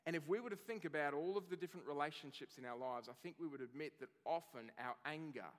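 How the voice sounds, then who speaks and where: A man's voice: a little high, quick pace. Earnest male preacher in a reverberant hall. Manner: earnest, builds through lists with rising emphasis. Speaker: pastor. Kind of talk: sermon.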